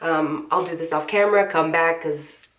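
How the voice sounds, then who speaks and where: A woman's voice: low-pitched, moderate pace, distant mic. A young woman chatting casually through a makeup tutorial, with sniffles from a cold. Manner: chatty, relaxed, filler-heavy. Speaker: beauty vlogger. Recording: echoey room, slightly off-mic.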